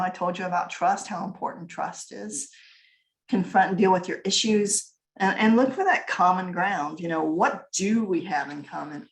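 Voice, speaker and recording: A woman's voice: fairly low pitch, roomy sound. A middle-aged woman giving a casual business workshop talk, chatty and often laughing as she tells stories.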